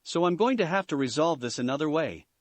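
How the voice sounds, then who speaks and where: Man reading as cool young killer, matter-of-fact, offhand, lively rise and fall, dry close sound. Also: fairly high pitch, brisk, no echo, close to an everyday voice. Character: calm young male assassin, dry and detached.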